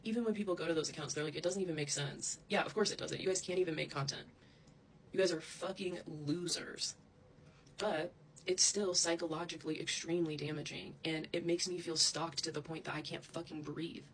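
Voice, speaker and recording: Gravelly-voiced woman ranting angrily. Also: low voice, steady tone, a little fast, slight background noise, rough recording. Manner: heated, profane, rambling with asides. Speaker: social media creator. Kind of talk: angry direct-to-camera rant.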